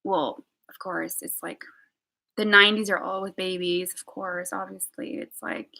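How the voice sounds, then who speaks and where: Bright-voiced woman in her late twenties, chatty. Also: a little slow, vocal fry. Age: late 20s. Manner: chatty, rambling storytelling with lots of fillers; acts out friends' lines in a high excited voice. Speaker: vlogger. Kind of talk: casual chat.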